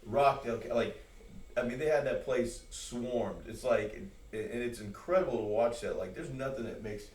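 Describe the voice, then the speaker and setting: A man's voice: medium pitch, moderate pace, darkish tone. A man hosting a podcast, chatting casually and animatedly, with many "like"s and repeated words. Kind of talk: casual chat. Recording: roomy sound from a distance.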